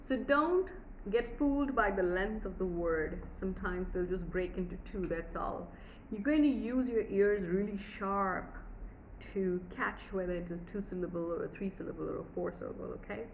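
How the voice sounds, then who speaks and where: A woman's voice: medium pitch, normal speed, dull audio, a little hiss or hum. A woman teaching a pronunciation workshop, drawing out example words and asking the listener questions. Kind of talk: workshop lesson.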